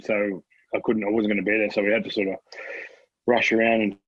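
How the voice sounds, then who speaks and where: Laid-back Australian man, husky and swearing. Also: lowish voice, flat delivery, a little fast, no echo, dull audio. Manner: laid-back, swears freely, laughs often. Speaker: podcast guest. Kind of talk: casual chat.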